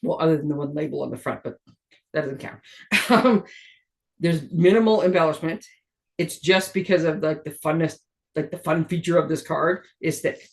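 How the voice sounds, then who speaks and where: Her deep, creaky voice moves at a normal speed as she leads a card-making tutorial. She's a middle-aged Canadian stamping demonstrator, chatty and rambling, who keeps laughing at herself.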